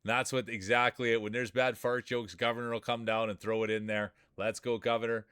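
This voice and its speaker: A man's voice: mid-range voice, little pitch movement, brisk, a bit bright, clean tone, no room sound, studio quality. A man streaming live, doing playful, joking play-by-play commentary on marble races and chatting with viewers.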